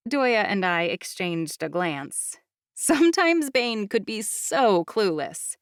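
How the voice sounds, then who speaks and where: A woman narrating a fantasy audiobook in the first person, with steady storytelling. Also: mid-range voice, slow pace, no room sound, studio quality.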